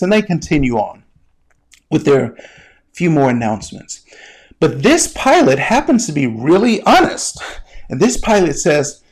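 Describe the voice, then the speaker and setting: A man, a medical educator and former flight paramedic, teaching through an animated, conversational story that speaks straight to the listener. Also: a little high, unhurried, pauses often, husky. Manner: addresses the listener directly, guided imagery. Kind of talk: storytelling lesson.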